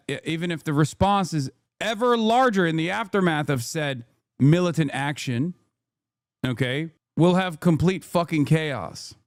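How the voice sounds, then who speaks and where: A man talks over news clips in a blunt, indignant way, cursing as he goes. His voice sits a little high for a man, and the sound is close and dry, with no room around it. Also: dry recording. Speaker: streamer commenting on news clips. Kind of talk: casual political commentary.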